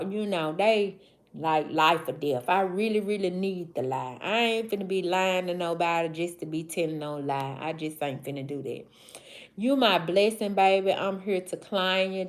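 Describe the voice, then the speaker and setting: A woman in her forties from the American South with a Mississippi Southern accent, hosting a casual livestream and greeting viewers by name. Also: medium pitch. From Southern United States. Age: 40s. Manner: drawling, slow, affectionate, shout-outs to viewers. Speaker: livestream host. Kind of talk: casual livestream chat reading comments.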